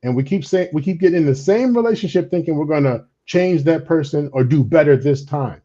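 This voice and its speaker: A man with a dark, husky voice, recorded with a slightly dull, lo-fi sound. He talks in a lively, animated way and acts out the voices he quotes. His pitch sits a little above the usual for a man. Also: a little fast. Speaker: panelist on a trauma and healing talk. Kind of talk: conversational explanation.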